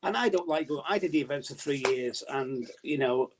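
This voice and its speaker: A man's voice: medium pitch, brisk, a little hiss or hum. A man talking as a podcast guest about his darts journalism in a casual, rambling way with many restarts.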